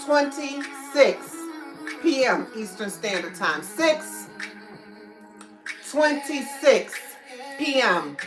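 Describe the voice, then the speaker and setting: A woman chats casually on a live stream, talking straight to her viewers and welcoming each one by name. Her voice sits at an ordinary middle pitch. The sound comes from an echoey room with faint music playing behind her. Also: big pitch swings, a little slow, few pauses. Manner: chatty, greets viewers by name. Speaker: livestream host.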